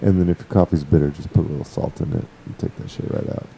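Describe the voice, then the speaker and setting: A man's voice: very deep voice, fast talker, creaky, dark tone, slight background noise, rough recording. A man co-hosting a podcast, chatting loosely and joking with plenty of swearing. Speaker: podcast co-host. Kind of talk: casual chat.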